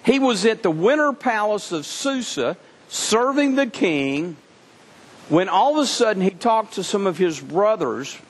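A man preaching a sermon, telling a scripture story in an animated way and often repeating words as he restarts. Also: high voice, a little slow, husky. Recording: long reverb from a hall.

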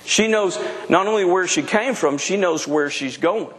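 A man's voice: sits high, normal speed, a bit bright, long reverb tail. A middle-aged man preaching a sermon in a frank, emphatic way, often restarting his sentences. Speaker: pastor.

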